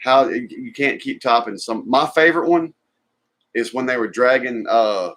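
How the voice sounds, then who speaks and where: A man's voice: mid-range voice, moderate pace, a bit bright. A man co-hosting a casual livestream, joking around and reading viewer comments. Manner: laid-back, joking, reads viewer comments. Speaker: livestream co-host.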